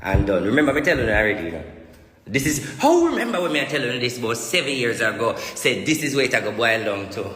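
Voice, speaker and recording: A man's voice: mid-range voice, sing-song, quick pace, sharp tone. A man with a Jamaican accent delivering a ranting monologue as a self-styled prophet, emphatic and repetitive in a preachy way. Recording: echoey room with long reverb.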